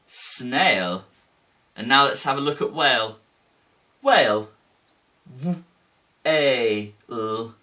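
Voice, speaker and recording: A man's voice: medium pitch, slow pace, long pauses. A man teaching a children's phonics lesson, sounding out letters with big gasps. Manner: animated, exaggerated gasps and sing-song letter sounds.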